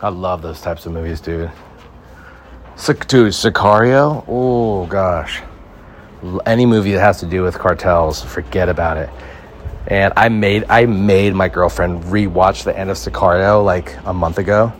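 Deep-voiced joking podcast host. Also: male voice, unhurried, a little hiss or hum. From Mexico. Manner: rambling, joking, animated storytelling. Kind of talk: casual comedy chat.

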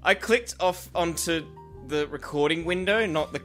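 A man's voice: fairly high pitch, normal speed, a bit bright, faint music behind. A man co-hosting a casual podcast chat over a video call, sounding flustered and exasperated and swearing freely. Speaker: podcast co-host.

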